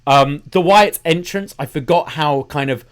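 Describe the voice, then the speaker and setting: A man co-hosting a casual wrestling podcast, measured as he recaps dates and venues. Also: a little high. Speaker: podcast co-host.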